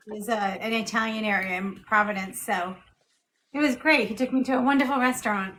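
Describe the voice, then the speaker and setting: A woman on a podcast, talking affectionately about her partner and piling up warm words. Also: mid-range voice, fairly even intonation, brisk, noisy background. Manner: gushing, affectionate, piles up adjectives. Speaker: guest. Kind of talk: casual chat.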